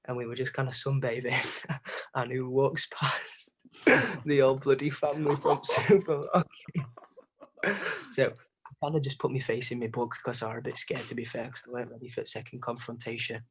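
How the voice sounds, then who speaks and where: A young man telling a holiday story in casual podcast chat, animated and sweary. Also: medium pitch, moderate pace, slight background noise. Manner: animated, swearing, acts out voices in anecdotes. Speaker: podcast co-host.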